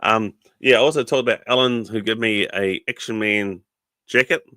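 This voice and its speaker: A man's voice: fairly low pitch, moderate pace, pushed and bright, no echo. A man with a New Zealand accent hosting a casual livestream podcast, rambling with lots of ums and chummy asides to viewers, his throat sore and catching. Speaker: podcast host.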